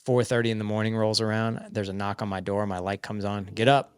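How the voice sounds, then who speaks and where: A man's voice: on the low side, flat delivery, fast, clear, resonant tone. A man in his forties telling a frank personal story as a podcast guest. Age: 40s. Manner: frank, acts out quoted dialogue.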